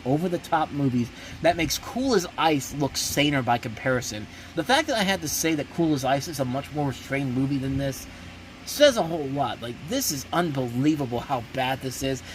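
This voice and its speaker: A man hosting a movie review show, talking in a blunt, emphatic way with many restarts and sudden jumps in pitch. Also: slight background noise. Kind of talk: casual ranting review.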